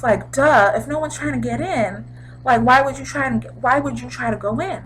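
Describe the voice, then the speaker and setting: A young woman casually recapping a TV episode in a chatty, animated way, throwing in sound effects. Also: high-pitched, moderate pace, a little hiss or hum, rough recording. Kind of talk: casual chat.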